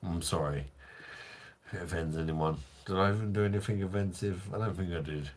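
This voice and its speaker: A man's voice: low-pitched, steady tone, fast, slight background noise. A man, drunk, hosting a crude, rambling livestream chat and reading out viewer comments. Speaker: livestream host.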